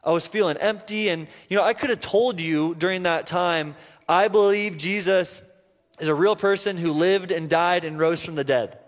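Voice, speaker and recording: A man preaching a sermon, telling a personal story earnestly with halting restarts. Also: high-pitched. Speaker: pastor. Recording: reverberant church hall.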